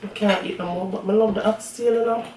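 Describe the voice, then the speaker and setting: A woman's voice: medium pitch, fairly even intonation, quick pace, darkish tone, slight background noise. A woman with a thick Jamaican accent chats bluntly and casually, slipping into patois. Her voice rings around a reverberant room. The microphone sits a little away from her. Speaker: cooking channel host. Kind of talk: casual mukbang chat. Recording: roomy audio from a distant mic.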